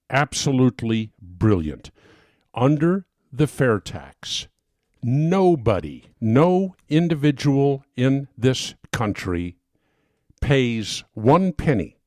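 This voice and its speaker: A man's voice: fairly low pitch, a little mellow, dry recording, studio quality. A man giving a persuasive talk as an advocate, emphatic and getting worked up as he speaks.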